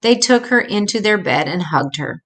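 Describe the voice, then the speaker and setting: An elderly woman tells a story from a children's picture book the way a grandmother would, softly and expressively, with minor slips. Her pitch is medium and her speed is normal.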